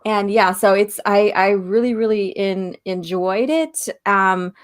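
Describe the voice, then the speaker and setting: Female co-host, giggly and talkative, slightly hoarse voice, casual stream chat. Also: medium pitch, slow. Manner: giggly, chatty, reads out viewer messages. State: slightly hoarse, losing her voice. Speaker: podcast co-host.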